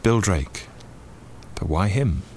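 An actor playing a priest who questions a suspect in a measured, probing, sardonic way. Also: male voice, sits low, animated, darkish tone, slight background noise. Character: shrewd male priest interrogating a suspect. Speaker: priest investigator.

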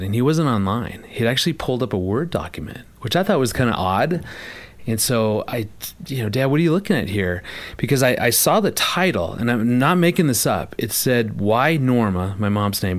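A man hosting a conversation, telling a family story in a lively way and acting out the voices in it. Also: on the low side. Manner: animated storyteller, acts out quoted voices. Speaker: host. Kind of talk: casual chat.

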